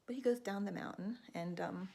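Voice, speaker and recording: A woman telling a folktale aloud in a lively, animated storytelling manner, with a gravelly, husky voice. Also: medium pitch, normal speed.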